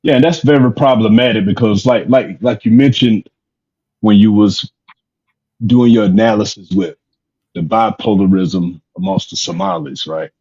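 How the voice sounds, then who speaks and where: Low husky man on a dull line. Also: dark tone. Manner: measured, repeats words while building a point. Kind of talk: casual discussion.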